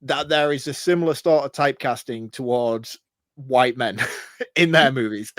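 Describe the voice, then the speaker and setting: Excitable man on a dry podcast mic. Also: medium pitch, moderate pace, dry recording. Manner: excitable, laughs often, rambling asides. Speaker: podcast co-host. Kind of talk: casual film chat.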